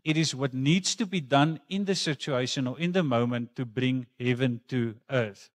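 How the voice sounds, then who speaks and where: Male pastor in the pulpit, earnest and conversational, everyday storytelling, mid pitch. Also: moderate pace. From South Africa. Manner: earnest, conversational preaching with personal stories. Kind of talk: sermon. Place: church.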